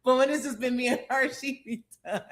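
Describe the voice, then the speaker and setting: A woman's voice: high voice, brisk. A woman from California co-hosting a live show, playfully exasperated and laughing in casual banter. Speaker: co-host.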